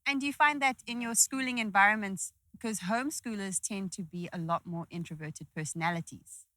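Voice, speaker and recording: A woman hosting a casual podcast, asking questions in an animated, exclamatory way. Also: mid-range voice, fairly quick, no room sound. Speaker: podcast host. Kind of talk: casual chat.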